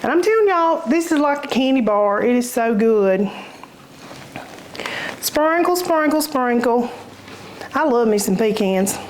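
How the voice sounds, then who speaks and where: A woman's voice: a little high, animated, a little slow, long pauses, a little hiss or hum. A woman with a Southern US accent hosting a casual home cooking demonstration, folksy and chatty, with easy laughs. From Southern United States. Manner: folksy, chatty, says y'all, laughs easily. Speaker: cooking channel host. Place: home kitchen.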